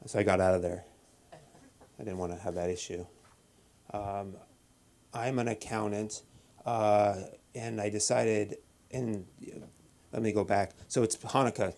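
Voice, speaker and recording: Brief: low, gravelly-voiced male comic, deadpan, stop-start delivery on a club stage mic. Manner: deadpan, halting with many restarts and fillers. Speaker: stand-up comedian at open mic. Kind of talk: stand-up comedy set.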